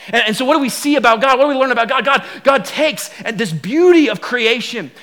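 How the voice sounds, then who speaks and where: A male pastor preaching with a very high voice. He is emphatic and repetitive, and he keeps asking the congregation questions as he drives each point home. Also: lively intonation, fairly quick, fairly bright tone. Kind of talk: sermon.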